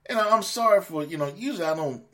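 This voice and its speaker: A man's voice: high-pitched, lively intonation, fast talker, a bit bright. A man hosting a podcast, ranting angrily and profanely at his listeners, scolding them and repeating words as he gets worked up. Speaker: podcast host. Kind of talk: angry monologue rant.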